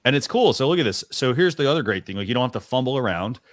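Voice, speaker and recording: A man's voice: medium pitch, lively intonation, fast talker, no echo, clean studio sound. A man hosting a talk show, giving a casual live demo in a chatty, rambling way with lots of fillers and restarts. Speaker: show host.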